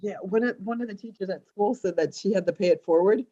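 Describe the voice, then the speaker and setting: A woman co-hosting a casual chat, telling rambling everyday stories full of animated asides. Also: mid-range voice, quick pace, muffled recording. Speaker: co-host.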